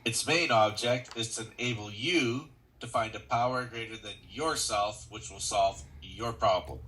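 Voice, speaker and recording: A man in a recovery workshop reading passages aloud at a steady pace. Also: on the low side, unhurried, slight background noise, low-quality recording. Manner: reads text aloud steadily.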